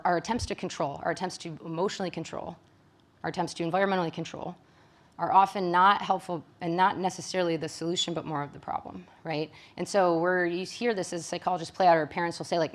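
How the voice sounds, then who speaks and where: A woman from Michigan speaking as a psychologist to a room of caregivers. Her voice sits a little low, and she keeps it conversational, often ending points with a quick question to her listeners. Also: steady tone. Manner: conversational, frequent tag questions. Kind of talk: presentation to caregivers.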